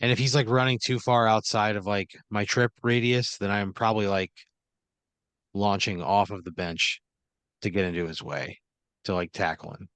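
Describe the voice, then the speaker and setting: A man taking part as a player in an improvised story game, thinking out loud and swearing in disbelief. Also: on the low side, steady tone, moderate pace, no echo. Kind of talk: casual improvised role-play.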